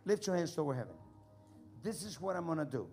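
A man's voice: fairly high pitch, sing-song, quick pace, darkish tone. A man preaching at a healing service, urgent and commanding, often repeating himself. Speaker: pastor leading a healing service. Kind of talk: preaching to a congregation. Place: large church hall. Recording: live with music and crowd behind.

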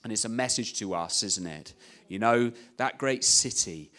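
A man's voice: on the low side, normal speed, bright, forceful tone. A man preaching a conversational sermon, retelling a story with many "you know" asides. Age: adult, young child at home.

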